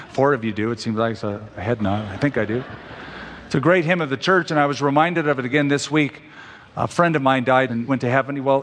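A man preaching a sermon as pastor, slowing down and stretching out the scripture he quotes for emphasis. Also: medium pitch, a bit bright. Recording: long hall reverb.

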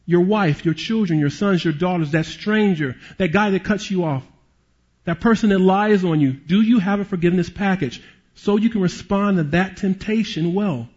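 A man preaching a sermon as a pastor and police chaplain, an animated storyteller who drops to hushed tones at emotional moments. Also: high voice, moderate pace, slightly rough, muffled recording.

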